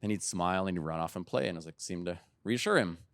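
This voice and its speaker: A middle-aged man giving a keynote talk, telling lively family anecdotes and acting out what people said. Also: sits low, quick pace, no echo, studio quality. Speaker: keynote speaker. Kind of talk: storytelling talk.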